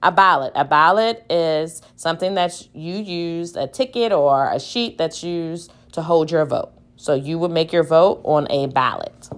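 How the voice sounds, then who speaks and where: Female teacher, low-pitched and unhurried, modeling syllable-by-syllable phonics reading. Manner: slow, deliberate, sounding out syllables aloud. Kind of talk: phonics lesson demonstration.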